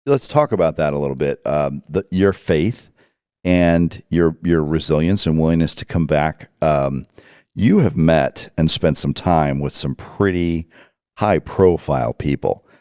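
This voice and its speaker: Very deep, mellow podcast host. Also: male voice, clear, resonant tone, dry recording, clean studio sound. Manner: halting, with many uhs and restarts. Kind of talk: interview questions.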